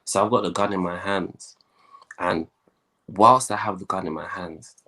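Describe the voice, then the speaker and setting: Young guy, real deep voice, telling his story, does the voices of people he's quoting. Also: measured pace. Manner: animated storyteller, acts out quoted voices. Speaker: guest.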